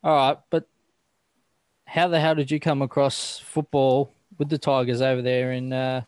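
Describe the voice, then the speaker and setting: A man hosting a casual podcast interview, laid-back and quick to laugh. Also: medium pitch, level tone, a little mellow, clean tone, no echo. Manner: laid-back, laughs easily, says mate. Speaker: podcast host.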